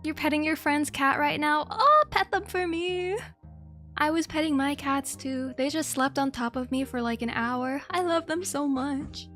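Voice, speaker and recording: A young woman with a high voice chats casually on her VTuber stream. She giggles often and swears freely as she reads chat. Faint music plays behind her. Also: fairly even intonation, moderate pace, few pauses, fairly bright tone. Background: faint background music.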